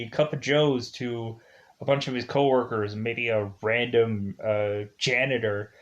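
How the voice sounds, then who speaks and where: A man giving a casual spoken movie review, rambling and animated, with lots of filler words. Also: medium pitch. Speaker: film reviewer.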